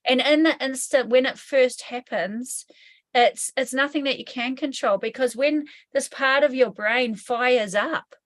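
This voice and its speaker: NZ woman, hypnotherapy trainer as interview guest; fairly high, candid, swears casually. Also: measured pace. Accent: New Zealand. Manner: candid, swears casually, acts out inner voices. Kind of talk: explanatory interview talk.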